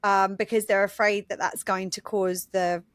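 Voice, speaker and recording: A woman co-hosting a casual podcast, explaining her ideas at length in an earnest, lively way. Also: medium pitch, normal speed, smooth, no room sound, studio quality. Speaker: podcast co-host.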